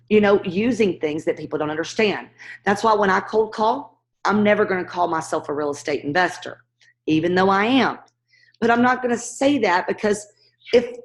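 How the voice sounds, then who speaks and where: Upbeat woman coaching cold calls. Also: medium pitch. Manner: upbeat, direct, addresses students by name. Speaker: real estate investing coach. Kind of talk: teaching a cold-calling class.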